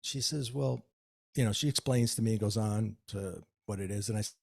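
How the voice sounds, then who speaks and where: A man, an author guest, telling a personal story in an interview with lively, acted-out dialogue. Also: on the low side, a little fast, gravelly. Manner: animated storyteller, acts out dialogue.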